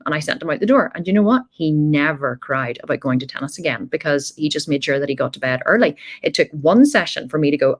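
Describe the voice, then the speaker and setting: A woman's voice: sits low, fast talker. A middle-aged woman hosting her own podcast, telling stories in a chatty way with frequent asides. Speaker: podcast host. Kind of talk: casual storytelling monologue.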